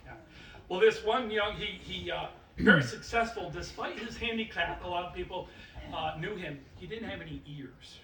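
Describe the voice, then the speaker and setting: A man's voice: sits high, moderate pace. A man performing magic patter and telling a long joke to a live audience in a playful, laughing way. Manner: animated, laughing, playful showman. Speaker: stage magician and comic storyteller. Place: stage in a hall with a live audience. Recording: roomy, distant live stage recording with noise.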